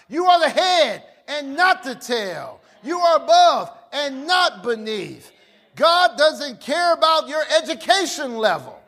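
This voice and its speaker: Casting: a fiery male pastor with a very high voice, shouting his sermon. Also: sing-song, slow. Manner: fiery, calls for audience response, often shouts.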